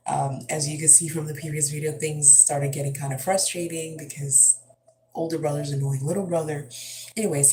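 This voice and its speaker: Low-voiced mom telling a story. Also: female voice, darkish tone, slight background noise, poor audio. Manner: chatty, rambling, lots of fillers and asides. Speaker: mother. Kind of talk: casual storytelling vlog.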